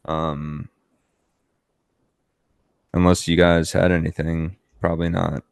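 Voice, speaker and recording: A man's voice: deep voice, flat delivery, slow, vocal fry, clean tone, no room sound, studio quality. A man co-hosting a podcast in casual chat, rambling with lots of "like" and some swearing. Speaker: podcast co-host.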